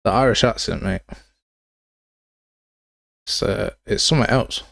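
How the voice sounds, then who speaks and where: A man's voice: lowish voice, unhurried, vocal fry, fairly bright tone, no room sound. A young man streaming game development live, chatting casually with viewers and calling them mate and pal. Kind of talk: live coding stream chat.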